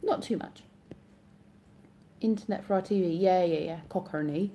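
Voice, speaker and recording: Mellow-voiced chatty English woman. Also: on the low side, normal speed, a little hiss or hum. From Oxfordshire, England. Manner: chatty, rambling, self-correcting. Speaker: live streamer. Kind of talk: casual chat reading viewer comments aloud.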